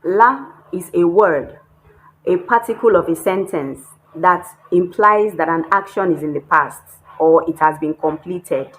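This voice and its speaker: Lady teaching beginners, slow and deliberate, spells stuff out letter by letter. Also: on the low side, rough recording. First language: not Chinese. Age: adult, not a child. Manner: repeats words and spells them out. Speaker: Chinese teacher. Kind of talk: slow, deliberate language lesson.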